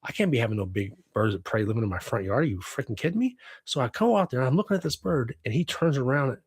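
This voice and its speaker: A man's voice: mid-range voice, expressive, quick pace, breathy edge, dry recording. A man in his forties from the United States hosting a casual livestream from home on a webcam, rambling, laughing often and swearing freely. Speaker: livestream host.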